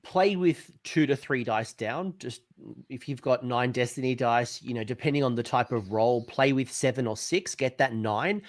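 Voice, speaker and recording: A man's voice: medium pitch, normal speed. Chatty male gaming host. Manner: chatty, stumbles over words, asks questions. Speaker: podcast host. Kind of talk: casual gaming strategy chat.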